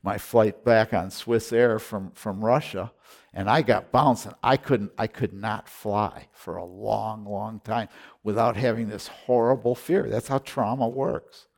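A pastor's sermon mixes a personal story with exhortation, moving from hushed, slow sections to loud, emphatic declarations. The man's voice is on the low side and creaky, with fairly even intonation.

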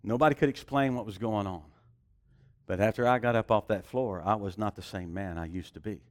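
A man's voice: lowish voice, a little fast. A man preaching a sermon with emphasis, mixing scripture with personal testimony and rhetorical questions.

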